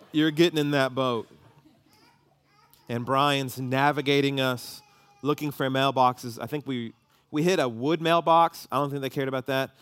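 A man, preaching a sermon and telling a story with lively emotion. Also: medium pitch, smooth, no echo. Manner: animated storytelling, voices rising with emotion.

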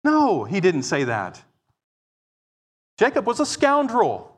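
A man preaching with a fairly high voice that rings with a long reverb through a large hall. He swings between loud, emphatic declarations and quiet, explaining asides. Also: huge pitch swings, slow pace. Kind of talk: sermon.

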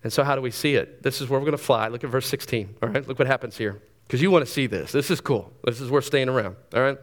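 A man in his thirties, a pastor preaching a sermon in a lively, conversational way, with quick asides and repeated words. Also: mid-range voice.

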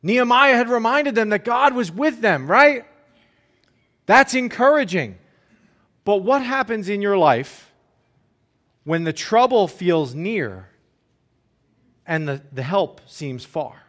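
A pastor with a high-pitched, slightly bright voice and lively intonation preaches a sermon slowly. He keeps it conversational, often checking in with "right?", and now and then briefly acts out the enemies' jeering words.

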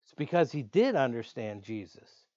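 Male pastor preaching, earnest, slows for emphasis, dry dull lo-fi recording. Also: mid-range voice, very animated, a little mellow, dry recording. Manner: earnest, slows down to stress key words. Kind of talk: sermon.

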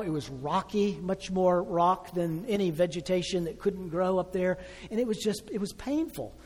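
A man in his sixties preaching a sermon, telling a personal story with feeling, swelling loud and then dropping soft and slow. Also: high-pitched, long reverb tail. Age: 60s. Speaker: pastor.

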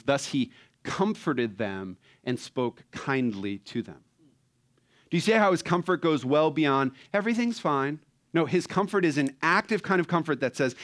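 A man preaching a sermon from the pulpit in a casual, conversational way, asking his congregation rhetorical questions. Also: medium pitch. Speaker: pastor.

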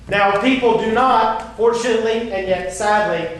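A man preaching from the pulpit, his fairly high voice landing each phrase with measured emphasis. He sounds set back from the microphone, and the church rings with heavy echo under a faint hiss. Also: fairly even intonation, a bit bright. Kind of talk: sermon. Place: church sanctuary. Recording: echoey hall from far off, faint hiss.

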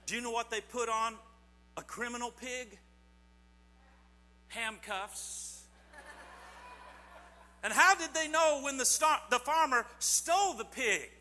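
A playful male pastor jokes with kids during a children's message in a church sanctuary, teasing them, quizzing the audience, and telling corny jokes. His extremely high voice is bright and forceful, slow with long pauses, and the recording carries long church hall reverb with a faint mains hum.

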